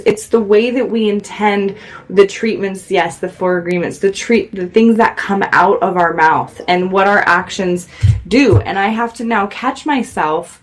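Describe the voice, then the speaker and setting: A middle-aged woman hosting a radio show, giving an earnest, reflective motivational talk to her viewers. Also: medium pitch. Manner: earnest, reflective, speaks louder when worked up.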